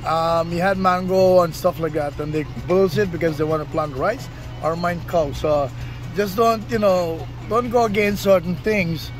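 A man's voice: high-pitched, fairly even intonation, moderate pace, soft background music. A man vlogging outdoors in the bush, chatting enthusiastically to his viewers while driving. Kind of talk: casual vlog narration. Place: outdoors in rural bush, often driving a vehicle. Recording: outdoor recording with loud engine and wind noise.

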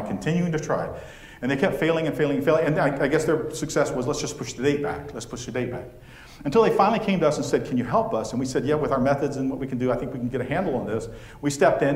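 A man giving a conference keynote, telling stories in a chatty, animated way with frequent fillers. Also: mid-range voice. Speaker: keynote speaker. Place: conference venue. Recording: echoey conference hall.

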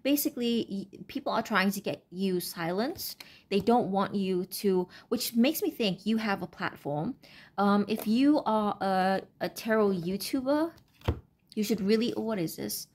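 A woman giving a casual, unscripted tarot reading, talking in a halting, rambling way with many fillers and restarts. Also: medium pitch, a little mellow. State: brain fog, stuttering. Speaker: tarot reader.

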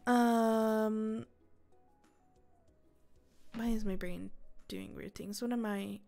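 A young woman hosting a gaming video, chatting casually and excitedly to her viewers as she plays, often breaking into giggles. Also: on the high side, very slow, soft background music. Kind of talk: casual gameplay commentary.

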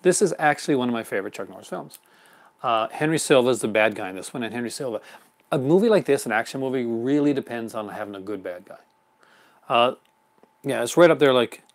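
A man's voice: medium pitch, animated, fairly quick. A man hosting a live unboxing stream in casual chat, rambling and chuckling often. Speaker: host.

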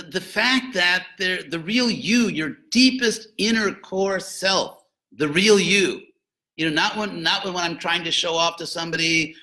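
An older spiritual teacher's voice sits high as he lectures students in an easygoing, conversational manner. He makes joking asides and punches points with animation, though the recording is low quality.

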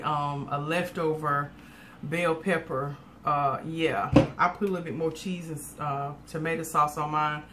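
A woman's voice: fairly low pitch, fairly bright tone, slight background noise. A woman, chatting casually with viewers in a folksy cooking and eating vlog from her home kitchen. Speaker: cooking vlogger.

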